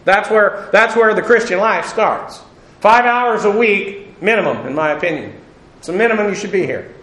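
A man teaching a Bible class as pastor, unhurried and conversational, with frequent pauses and dry asides. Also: high-pitched, lively intonation, fairly bright tone, reverberant, low-quality recording.

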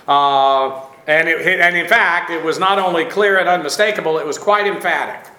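A man teaching a Bible lesson, halting often with fillers and dry asides. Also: a little high, sharp tone, roomy sound.

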